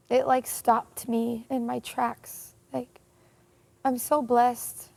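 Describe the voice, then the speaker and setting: Emotional woman with a creaky voice. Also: on the high side, flat delivery, very slow, a little mellow. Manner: earnest, emotional storytelling with many fillers. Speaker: interview guest. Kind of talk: personal story in a faith interview.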